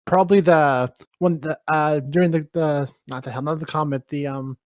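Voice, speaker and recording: A man's voice: a little high, steady tone, normal speed, darkish tone, no room sound, clean studio sound. A man co-hosting a podcast in casual chat, hesitant, with frequent uhs and ums. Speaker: podcast co-host.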